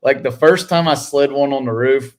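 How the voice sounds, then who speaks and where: Male co-host in relaxed race chat. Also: medium pitch, normal speed. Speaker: podcast co-host, former racer. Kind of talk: casual chat.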